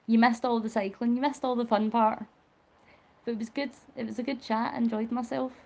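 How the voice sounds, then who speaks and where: A woman's voice: a little high, steady tone, a little fast, vocal fry, warm tone. A woman chatting affectionately with viewers on a charity live stream, laughing often. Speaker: vlogger livestreaming a charity cycle.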